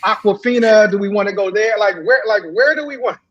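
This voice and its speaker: Woman, podcast co-host, casual chat, halting with fillers, dull lo-fi audio. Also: mid-range voice. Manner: hesitant, many fillers and restarts. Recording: dull lo-fi sound.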